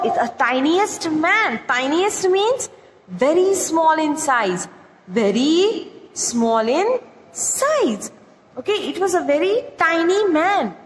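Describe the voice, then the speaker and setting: A woman teaches a reading lesson, pausing to explain each new word and quizzing her students. Her voice sits high and bright. The room rings with long, hollow reverb. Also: a little hiss or hum. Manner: explains words slowly, asks pupils questions. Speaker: English teacher. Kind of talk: classroom story lesson.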